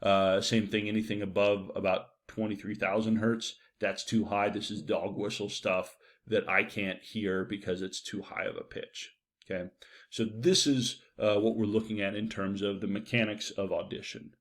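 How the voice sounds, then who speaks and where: A man's voice: lowish voice, level tone, normal speed. A man giving a university psychology lecture in a loose, conversational way, with frequent fillers and "right?" checks.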